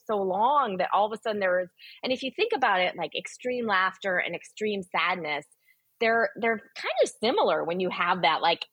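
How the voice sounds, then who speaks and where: Husky-voiced woman telling stories earnestly. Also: on the low side, a bit bright, dry recording. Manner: earnest, emphatic storytelling with fillers. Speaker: guest author. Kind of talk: candid podcast conversation.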